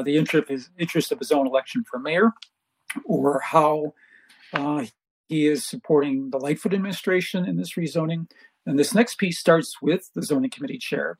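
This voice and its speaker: Husky, slightly high male co-host; probing, conversational. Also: poor audio. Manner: probing, sets up clips. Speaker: radio co-host. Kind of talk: political talk.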